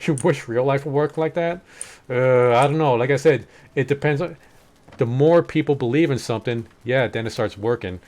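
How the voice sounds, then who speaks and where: While streaming a game, a man with a mid-range, darkish voice chats at a normal pace, wandering through lengthy lore explanations packed with fillers.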